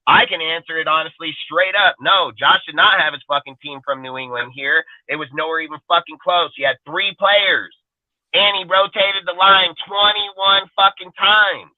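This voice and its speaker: A man rants through heated sports talk, cursing hard and circling back to the same points. His voice sits high for a man. The sound is dry and thin, like a phone line. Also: moderate pace, no echo. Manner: profane, ranting, repetitive. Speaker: podcast co-host.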